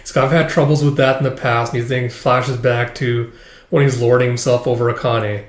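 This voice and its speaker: A man's voice: medium pitch, fairly even intonation, moderate pace. A man casually recapping a manga chapter, rambling and full of filler words. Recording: echoey room.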